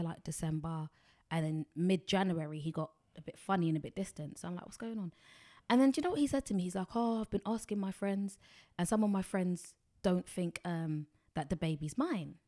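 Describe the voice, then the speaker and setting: A woman's voice: on the low side, a little mellow. A woman, chatting frankly and bluntly as a podcast guest. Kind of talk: casual chat.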